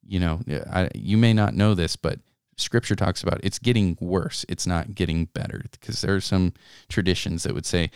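Speaking at normal speed in a low, creaky voice, a young co-host reads scripture and then reflects on it in a devotional talk. He's earnest and conversational, full of restarts and asides, and the studio-quality audio is clean with no echo.

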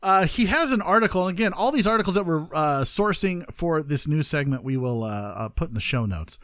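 A man's voice: fairly high pitch, lively intonation, a little fast, fairly bright tone, dry recording. Joking podcast host man, dry sound. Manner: joking, trails off into asides. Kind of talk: casual gaming news chat.

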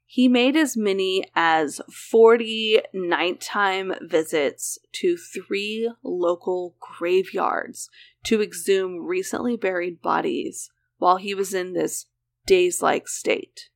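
A woman's voice: lowish voice, slow, vocal fry. A woman casually recounting a true crime case as a podcast host, mixing read details with chatty asides. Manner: conversational, reading case details with frequent "like".

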